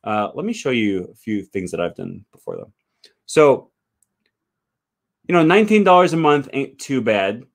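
A man's voice: mid-range voice, big pitch swings, normal speed, long pauses. A man who teaches languages, talking casually on a livestream and answering viewer comments, thinking aloud with frequent fillers. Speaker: language teacher and channel host.

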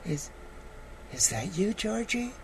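A woman's voice: mid-range voice, big pitch swings, takes it slowly, slight background noise, pitched above the performer's own voice, poor audio. An older man voicing a suspicious elderly mother who stammers and hesitates in a read-aloud story. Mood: wary.

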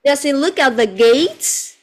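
A woman teaches English one-on-one to a child in a high, animated voice, speaking slowly and deliberately. She patiently quizzes with repeated yes-no questions and now and then slips into Vietnamese phrases.

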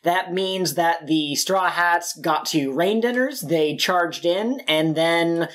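A man's voice: fairly high pitch, a bit bright. Playful, jokey male podcast host. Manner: jokey, playful banter with filler pauses. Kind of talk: comedic podcast chat.

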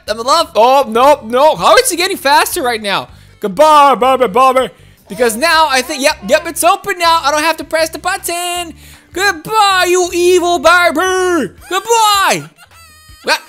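A woman giving excitable gameplay commentary, squealing, giggling and crying out in panic, with faint game music behind. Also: sits high. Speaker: gaming video host.

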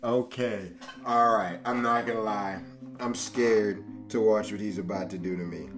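A man's voice: fairly low pitch, unhurried, music in the background. A young man reacting to a video about himself, laughing, swearing and exclaiming as he talks to his viewers. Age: young adult. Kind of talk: casual reaction commentary.

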